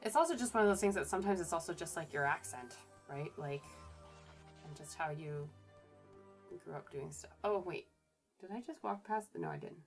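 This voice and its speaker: A woman's voice: low voice, lively intonation, normal speed, soft background music. Chatty, self-correcting woman gamer. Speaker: archaeologist streamer. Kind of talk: casual gameplay commentary.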